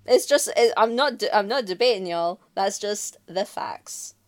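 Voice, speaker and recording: A woman's voice: medium pitch, animated, a little slow. A woman co-hosting a podcast in casual chat, playful and chatty, trailing off with fillers. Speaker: podcast co-host.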